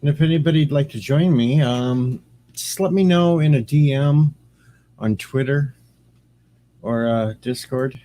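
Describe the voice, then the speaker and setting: Streamer, male, relaxed dark tone, loose rambling chat that greets viewers. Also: medium pitch, measured pace, slight background noise. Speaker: streamer and radio host. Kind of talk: casual livestream chat.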